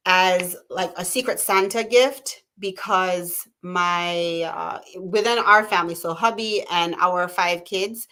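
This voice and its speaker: A woman's voice: medium pitch, sharp tone. A woman in her thirties hosting a live talk show from home, chatting casually and reading viewers' comments aloud. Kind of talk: live-stream casual chat.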